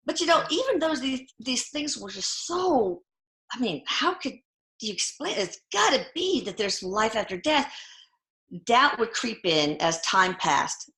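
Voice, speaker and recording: A woman guest telling personal stories in a casual, animated way, often lifting her voice when quoting others. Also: fairly high pitch, unhurried, reverberant. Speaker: guest, physician and mother. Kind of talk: conversational storytelling.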